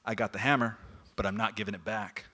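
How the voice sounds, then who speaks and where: A stubborn, slow-witted giant with a gruff drawl, put on by a man. His voice sits lower than the teller's own. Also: steady tone, bright, forceful tone.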